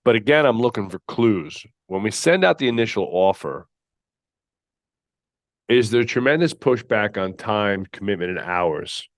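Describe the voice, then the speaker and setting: A man's voice: on the low side, lively intonation, a little slow, no room sound, clean studio sound. A man hosting a podcast, giving a blunt, emphatic solo coaching talk that he keeps punctuating with "all right.". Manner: mocks candidates in put-on whiny voices. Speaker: podcast host and gym owner.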